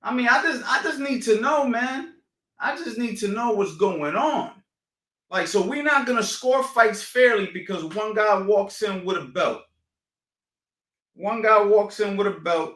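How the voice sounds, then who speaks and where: A man's voice: high voice, normal speed, sharp tone, roomy sound, recorded from a distance. A man, a boxing coach, ranting on a livestream, swearing freely and firing off rhetorical questions. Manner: profane, fired-up, rhetorical questions. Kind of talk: heated livestream rant.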